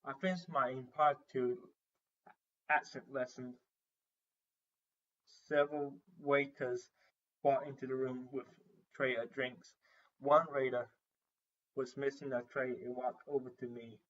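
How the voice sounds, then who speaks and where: Man reading unedited fan fiction, frequent slips and restarts, mid-pitched voice, dull lo-fi home recording. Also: flat delivery, unhurried, pauses often, fairly bright tone. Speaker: reader.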